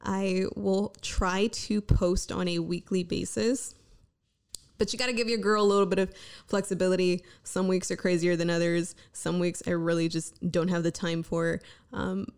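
A woman's voice: lowish voice, creaky, a little mellow, clear, resonant tone. A woman in her thirties hosting her own podcast, talking casually and candidly, swearing freely and mocking herself. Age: 30s. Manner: chatty, swearing, self-mocking pep talk. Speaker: podcast host. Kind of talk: casual solo podcast chat. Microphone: podcast microphone.

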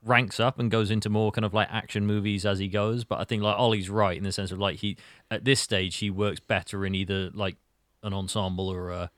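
A man hosting a casual podcast chat about a film, talking in an animated, rambling way. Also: lowish voice, fairly quick, dry recording, studio quality. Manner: animated, rambling, acts out quotes. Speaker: podcast host.

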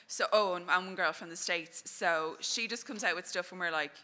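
Bright-voiced Irish woman from Dublin. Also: on the low side, moderate pace. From Ireland. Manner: chatty, laughs easily. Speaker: audience member. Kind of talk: casual chat. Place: live event hall.

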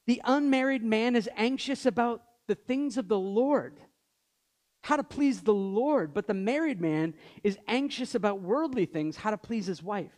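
A man's voice: sits high, darkish tone. A man in his thirties preaching a sermon in a conversational way, with joking asides. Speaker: pastor.

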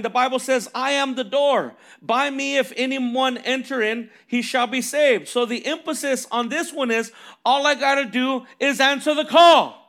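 A man preaches a sermon in a strikingly high voice. He walks through scripture verses, poses rhetorical questions, and keeps dropping in "amen" and "right?". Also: vocal fry, a bit bright.

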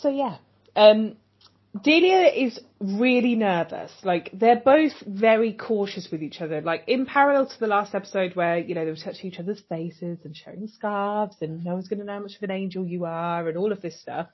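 A woman co-hosting a casual recap podcast, animated and swearing freely as she acts out characters' lines. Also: mid-range voice, normal speed, husky. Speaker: podcast co-host. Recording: dull lo-fi sound.

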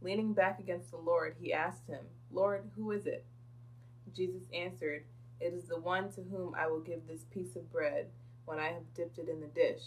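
A woman in a Bible study group reading scripture aloud in a plain, steady voice. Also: lowish voice, normal speed, a little hiss or hum, rough recording.

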